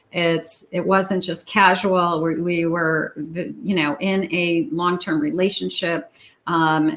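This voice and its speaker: A woman giving a tarot love reading, talking slowly and musingly to her viewers. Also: fairly low pitch, rough recording. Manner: slow, musing, talks to the viewer. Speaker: tarot reader.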